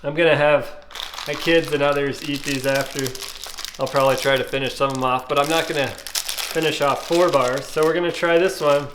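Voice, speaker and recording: A man, casually reviewing ice pops and thinking aloud with fillers and pauses. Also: fairly high pitch, fairly even intonation, noisy background. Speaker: food reviewer.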